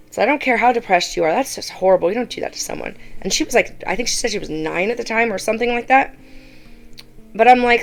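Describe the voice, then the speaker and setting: A woman's voice: medium pitch, quick pace, vocal fry, fairly bright tone. A woman YouTuber giving casual reaction commentary, blunt and exasperated, often mimicking the people she talks about.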